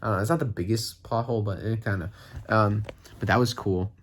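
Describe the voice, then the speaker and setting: Excitable rambling male fan reviewer. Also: on the low side, fairly quick, slight background noise. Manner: excitable, rambling, heavy use of "like" fillers. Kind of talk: casual review vlog.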